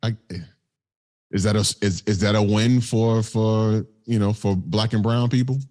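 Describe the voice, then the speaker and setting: A man's voice: on the low side, steady tone, unhurried, warm tone. A man co-hosting a podcast in casual chat, laid-back and slangy with jokes. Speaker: podcast co-host.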